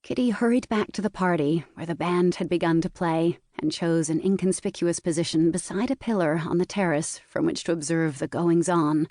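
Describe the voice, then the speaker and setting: A woman narrating a historical mystery audiobook in a measured storytelling manner, recorded in a booth. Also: on the low side, mellow, no room sound, studio quality. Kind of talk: scripted narration.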